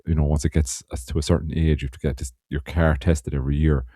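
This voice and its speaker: Very deep-voiced Irish man, casual podcast. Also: level tone, quick pace, warm tone, no echo, studio quality. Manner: rambling, swearing, laughs often. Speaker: podcast co-host. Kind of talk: casual chat.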